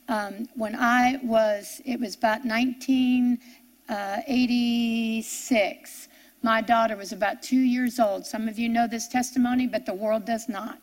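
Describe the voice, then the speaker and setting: A middle-aged woman preacher giving an earnest sermon testimony, storytelling with halting restarts and building to impassioned preaching. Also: on the high side.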